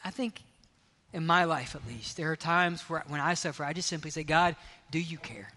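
Male pastor, bright high voice, fervent sermon with whispered drops, reverberant sanctuary. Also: normal speed. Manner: impassioned, swings from loud to hushed near-whispers. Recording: long reverb of a large hall.

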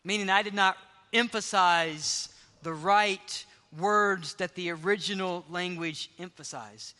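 A male pastor delivers a sermon in a high, bright voice. He preaches emphatically and often drops to a hush for stress. His words ring out in a large hall with a long reverb. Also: takes it slowly. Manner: emphatic preaching, dropping to hushed tones for stress.

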